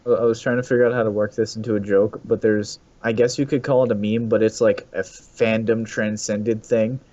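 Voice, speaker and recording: A man co-hosting a casual gaming podcast, playful and quick to laugh. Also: little pitch movement, darkish tone. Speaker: podcast co-host. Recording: muffled low-fi audio.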